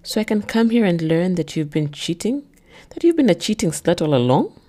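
A woman voicing a controlling, jealous man who speaks flat and cold, then bursts into shouts. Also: lowish voice, normal speed. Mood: contemptuous.

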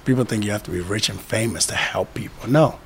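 A man's voice: on the low side, fast talker, creaky, a bit bright, a little hiss or hum. A boxing trainer in casual conversation, talking emphatically, repeating his key phrases and acting out the people he quotes.

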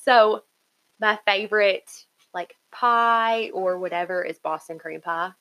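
A woman co-hosts a podcast in loose, casual chat. She talks in an excitable, chatty way and giggles often. Her voice is bright and forceful. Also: medium pitch, slow pace, rough recording. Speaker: podcast co-host.

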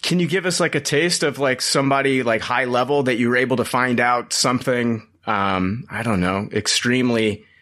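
A man's voice: mid-range voice, moderate pace, hardly any pauses, a bit bright. A man hosting an interview, asking hesitant, casual questions full of fillers. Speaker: podcast host.

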